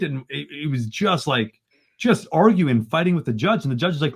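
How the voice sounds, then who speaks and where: A man, a podcast guest retelling events in an animated, exasperated way and often ending lines with "right?". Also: medium pitch, brisk, slightly rough. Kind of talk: casual storytelling in a podcast interview.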